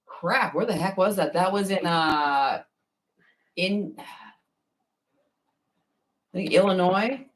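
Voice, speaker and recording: A woman in a relaxed, casual chat about her eating challenges. She wanders through her stories, trailing off and picking back up. Her voice sits a little away from the microphone. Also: on the low side, takes it slowly, long pauses, far from the mic. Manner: relaxed, rambling storytelling with fillers. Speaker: competitive eater.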